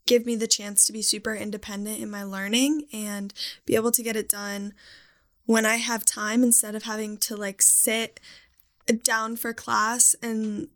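A young woman in casual chat, talking in a chatty way with vocal fry. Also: mid-range voice, level tone, moderate pace, a bit bright.

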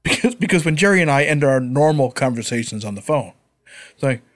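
A man's voice: medium pitch, expressive, brisk, fairly bright tone. A man co-hosting a podcast, swearing freely and acting out the people in his stories. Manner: swears a lot, acts out voices in stories. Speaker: podcast co-host. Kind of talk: casual chat.

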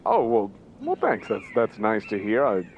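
A player voicing an older male professor who speaks softly and hesitantly, with many fillers, during a tabletop role-play. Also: mid-range voice, wildly swooping pitch, normal speed, a little hiss or hum, voice pushed down. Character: older man professor, mild and absent-minded. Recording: dull lo-fi sound.

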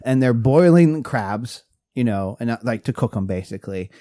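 A man's voice: medium pitch, animated, normal speed, mellow, no room sound, studio quality. A man co-hosting a podcast in casual chat, rambling and restarting as he goes. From Pennsylvania. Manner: rambling, restarts often, laughs while telling stories. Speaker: podcast co-host.

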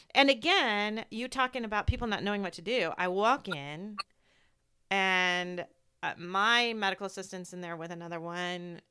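A woman in medicine hosts a candid conversation about grief, her mid-range voice bright, clean, and forceful. She tells stories with heartfelt feeling and acts out what other people said.

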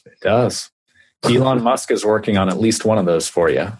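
A man with a Kansas accent hosting a podcast, friendly and relaxed in casual conversation. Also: on the low side, normal speed, slightly rough. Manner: friendly, relaxed, calls guest buddy. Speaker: podcast host. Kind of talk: casual interview chat.

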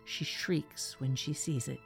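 A woman narrating a spooky story in a suspenseful, measured way. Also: a bass voice, fairly even intonation, creaky, faint music behind.

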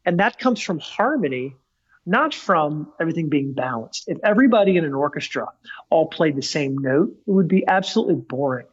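A man's voice: a little high, expressive, a little fast, breathy edge, no echo, muffled recording. A man speaking as a guest on a podcast interview. He tells stories casually but with emphasis, and acts out the dialogue he quotes.

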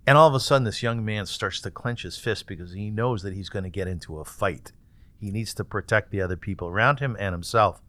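A man with a smooth, resonant, somewhat low voice hosts an interview and tells a story with expressive shifts. The sound is dry and close to the mic. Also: no echo. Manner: animated storyteller, acts out voices in anecdotes. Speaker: interviewer, host.

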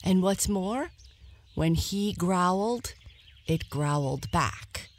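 Woman storyteller, bedtime, very slow, soft, lively melody. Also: on the low side. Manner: soft, slow and lulling, dropping to a whisper.

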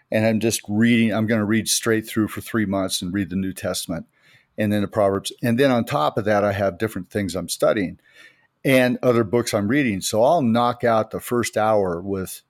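On a faith podcast with a casual tone, an American co-host in middle age tells anecdotes as a storyteller, leaning on emphasis. His voice is on the low side. The recording is dry, with clean studio sound.

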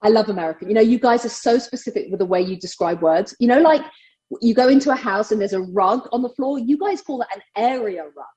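A middle-aged woman from England speaks with an English accent in a relaxed radio conversation. Her voice sits a little high, and she talks in an animated way, often breaking into laughter. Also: fast talker, rough recording. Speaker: sports broadcaster guest. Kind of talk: casual radio chat.

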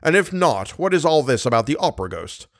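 A man reading an audiobook, voicing a skeptical police commissary with a measured, ironic, solemn manner. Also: fairly high pitch, big pitch swings, no room sound, studio quality.

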